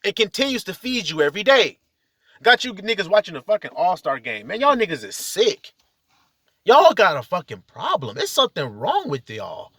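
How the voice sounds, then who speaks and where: A man launches into a preachy, confrontational spiritual rant full of profanity. His voice sits high and swings widely in pitch, bright and forceful, with sudden shouted peaks. The recording is dry and close, with no room sound. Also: wildly swooping pitch, moderate pace, husky, dry recording. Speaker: religious video commentator.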